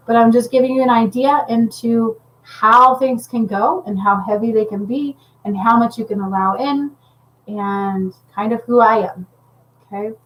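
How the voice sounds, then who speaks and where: A woman with a fairly high voice speaks as a spiritual healer and medium in a casual livestream chat. She talks intensely and rambles, often pausing to check in with her viewers with a quick "okay?". Her delivery is earnest and unscripted. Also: steady tone, fairly bright tone, low-quality recording.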